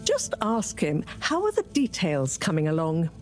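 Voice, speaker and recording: An actress playing an exasperated older woman professor in a game, brisk and a bit fussy. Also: fairly low pitch, huge pitch swings, darkish tone, faint music behind. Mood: brusque.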